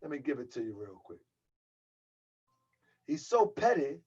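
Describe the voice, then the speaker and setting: A man's voice: fairly high pitch, very animated, a little slow, darkish tone, husky, dull audio. A man hosting his own channel, delivering a heated, mocking rant and calling his viewers family. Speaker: channel host. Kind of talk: livestream rant.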